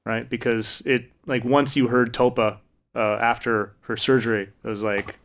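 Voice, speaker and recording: A man co-hosting a podcast, speaking in a measured, hesitant way with many "uh"s. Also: medium pitch, level tone, a bit bright. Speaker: podcast co-host. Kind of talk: casual podcast chat.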